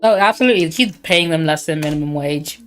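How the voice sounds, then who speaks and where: A woman with a fairly low voice hosts a relaxed, joking gaming chat. She keeps the list moving while faint music plays behind her. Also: quick pace. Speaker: streamer, tier-list host.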